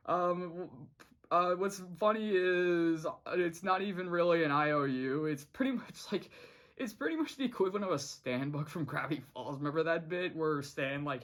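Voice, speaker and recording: Giggly vlogger rambling through a cartoon recap, lots of um and like, voice shoots up high when something's funny. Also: a bit bright. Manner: rambling, many restarts and fillers; laughs often, jumps to high pitch when amused. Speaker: cartoon episode reviewer. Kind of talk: casual unscripted review vlog.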